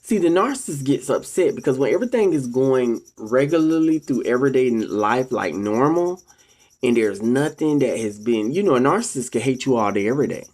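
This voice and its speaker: Preachy vlogger lecturing ladies and gentlemen. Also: mid-range voice, animated, brisk. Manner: acts out quoted people in a raised voice. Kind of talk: casual spoken monologue to viewers.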